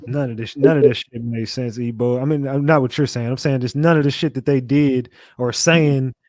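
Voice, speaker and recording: A man hosting a call-in stream, talking bluntly with frequent swearing and thinking out loud. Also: medium pitch, steady tone, normal speed, no echo, studio quality. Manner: blunt, profane, thinks aloud. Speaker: show host. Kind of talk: casual live-stream talk with callers.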